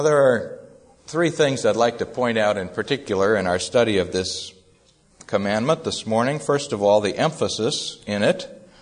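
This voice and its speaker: A man preaching an expository sermon, speaking in a measured, deliberate way with frequent pauses. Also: fairly low pitch.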